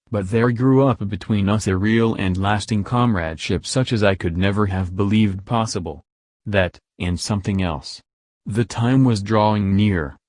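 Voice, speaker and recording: A man narrating an audiobook in the first person, with an even, unhurried storytelling delivery. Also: lowish voice, dry recording.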